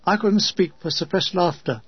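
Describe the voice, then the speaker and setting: A man narrates a memoir with dry, deadpan humour. His voice is high and husky. The recording sounds dull and lo-fi, with a close, dry sound. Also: normal speed, no room sound. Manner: dry comic storytelling.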